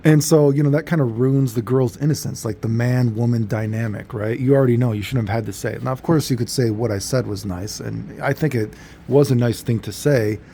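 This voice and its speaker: A man's voice: medium pitch, brisk, vocal fry, warm tone, slight background noise. A man telling a story in a casual, rambling monologue, laid-back and full of fillers and self-corrections. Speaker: vlogger.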